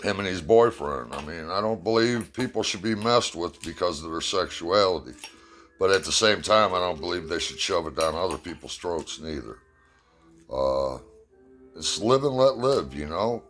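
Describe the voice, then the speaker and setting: A man's voice: sits low, lively intonation, normal speed, a bit bright, faint music behind. A man from the United States giving a blunt, profane opinion rant and telling a fable.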